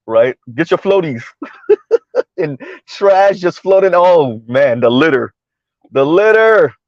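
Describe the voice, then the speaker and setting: A man with a fairly high voice chats casually to his viewers from the driver's seat, repeating his points and laughing between them. The sound is dry and close, with a dull, muffled lo-fi edge. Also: lively intonation, drawn-out words, pauses often, no room sound. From South Florida. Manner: chatty, talks to viewers, repeats himself, laughs often. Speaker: commentary vlogger. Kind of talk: casual commentary while driving. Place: in a car driving through floodwater.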